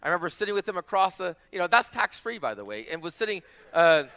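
A man's voice: high-pitched, very animated, fast, vocal fry, pushed and bright. A man in his forties, a pastor, preaching a sermon in a conversational way, with asides and quoted dialogue. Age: 40s.

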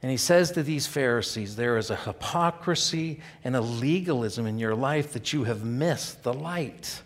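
A man preaching a sermon in an earnest, conversational way, often checking in with his listeners with rhetorical asides. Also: mid-range voice. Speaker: pastor.

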